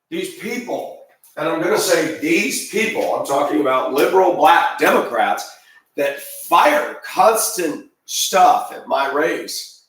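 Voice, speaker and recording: A man's voice: mid-range voice, expressive, unhurried, a bit bright, distant mic. Man in his fifties, echoey and off-mic. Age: 50s. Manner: emphatic and rambling, with repeated restarts. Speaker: video commentator. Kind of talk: ranting monologue.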